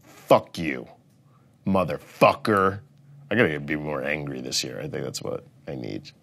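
Male comic, low voice, loud profane rant with sudden muttered asides. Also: a little slow, creaky. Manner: profane, swings from loud outbursts to mumbled asides. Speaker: comedian rating things as overrated or underrated. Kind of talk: comedic rant to camera.

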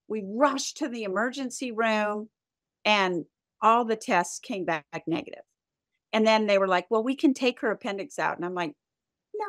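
Woman, middle-aged, founder guest, lively storyteller, mid pitch, dry recording. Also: no echo. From United States and Canada. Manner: animated, acts out quoted lines in her story. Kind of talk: interview storytelling.

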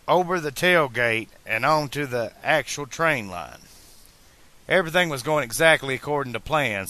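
Bright-voiced man reading an audiobook. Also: medium pitch, no room sound. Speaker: audiobook narrator. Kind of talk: amateur audiobook narration.

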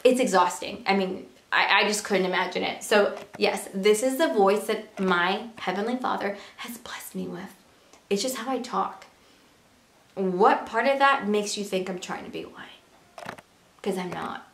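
A woman's voice: medium pitch, measured pace, a bit bright. A young woman vlogging to camera in a casual, earnest way, full of rhetorical questions. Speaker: beauty and lifestyle vlogger. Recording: echoey room.

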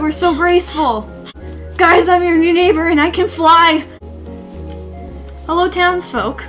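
A woman streamer giving goofy, excitable let's play commentary. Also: very high-pitched, unhurried, long pauses, faint music behind. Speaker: gaming streamer.

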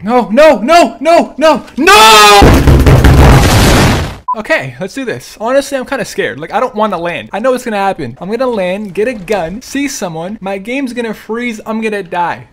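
A young man giving live gameplay commentary as a streamer, excitable, yelling and laughing at the game. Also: high voice, a little fast, few pauses. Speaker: gaming streamer.

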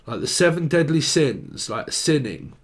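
A man's voice: a little high, expressive, measured pace. A man giving a rambling, jokey solo tarot reading, free-associating and trying out silly voices. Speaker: tarot reader.

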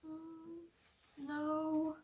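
A woman's voice: high-pitched, monotone, extremely slow, darkish tone, lo-fi sound. A young woman book vlogger reacting aloud as she reads, emotional and close to tears. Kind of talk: reading vlog commentary.

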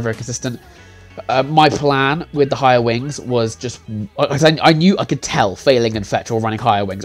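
A young man recapping a sim racing league round in a casual, rambling way, full of fillers, self-corrections and little chuckles. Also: mid-range voice. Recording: faint music behind.

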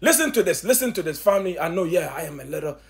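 Talking quickly in a voice on the high side, this preacher delivers fervent sermon commentary. Excitement makes him stammer and start over, and he repeats himself, stresses points urgently and poses rhetorical questions to the congregation.

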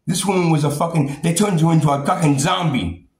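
A man's voice: fairly high pitch, brisk. Rambling, profane man in an echoey room. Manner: profane, rambling, repeats words and restarts, laughs bitterly. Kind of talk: angry personal rant. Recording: roomy echo, faint background noise.

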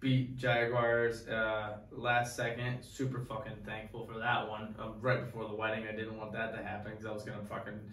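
A young man co-hosting a podcast, rambling through a profane, excited story in casual chat. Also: lowish voice, moderate pace, few pauses, a little hiss or hum. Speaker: podcast co-host. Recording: echoey room, distant mic.

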